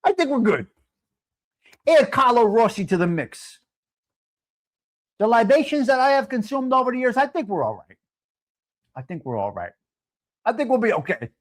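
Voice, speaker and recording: A man hosting a live stream, chatting casually and ranting loudly with heavy swearing, calling out viewers by name. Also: very high-pitched, sing-song, moderate pace, long pauses. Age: 50s. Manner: loud, profane, ranting, addresses viewers by name.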